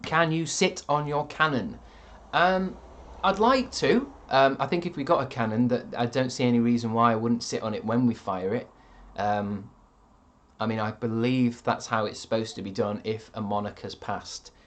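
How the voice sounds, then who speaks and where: A man's voice: medium pitch, fairly even intonation, moderate pace. A man streaming live, reading out chat with rambling dry jokes and lots of ums.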